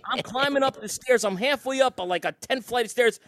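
A man hosting a sports talk show, telling stories in animated, jokey banter and laughing often. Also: very high-pitched, brisk. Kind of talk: casual banter and storytelling.

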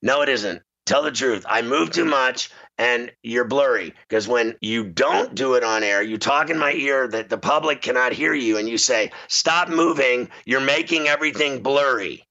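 A male show host telling a comic rant in a loose, animated way, laughing often as he goes. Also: mid-range voice, normal speed, vocal fry, few pauses. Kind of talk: casual comedic rant. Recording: slightly muffled lo-fi sound.

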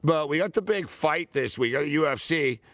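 A man hosting a sports talk show, telling stories in a casual, animated way and laughing often. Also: a little high, a little fast, no echo. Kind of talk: casual storytelling chat.

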